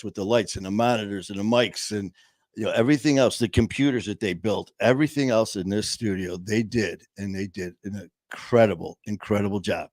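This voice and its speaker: A man's voice: lowish voice, no room sound. A man co-hosting a casual livestream chat from a studio, folksy and jokey, his voice starting to go. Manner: jokey, folksy, telling dad jokes. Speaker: co-host.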